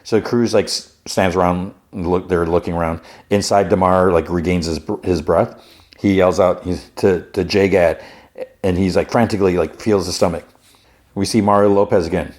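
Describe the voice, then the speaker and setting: A low-voiced man talks through a TV episode on his podcast in an easygoing, rambling way. He restarts his sentences often and jumps into higher, playful voices whenever he quotes a character. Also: steady tone, moderate pace, a little mellow. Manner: slips into raised-pitch voices for quoted characters. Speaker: podcast host recapping a TV episode. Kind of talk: casual recap with acted quotes.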